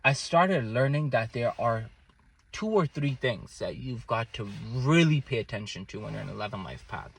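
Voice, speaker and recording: A young man telling a personal story to his viewers in a casual, animated way, often checking in with "okay?" and his loudness rising and falling. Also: mid-range voice, normal speed, creaky, husky.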